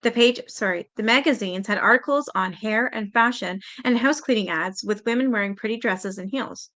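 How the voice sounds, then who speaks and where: A woman with a medium-pitched, fairly bright voice hosts her channel at a moderate pace, reading letters aloud as a story. She reads steadily but sometimes stumbles over words, breaking in with blunt spoken reactions.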